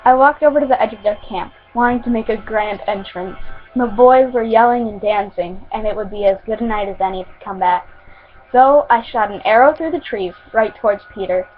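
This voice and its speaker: A woman's voice: medium pitch, fairly quick, soft background music. A woman reading her own fan fiction aloud at home, stumbling now and then and restarting words. The recording sounds tinny and phone-like. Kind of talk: homemade story reading.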